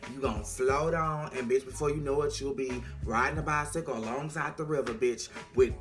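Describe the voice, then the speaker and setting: A vlogger voicing a dead friend who has come back as a coaxing female ghost, speaking low and soft. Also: fairly even intonation, brisk, faint music behind, close to an everyday voice.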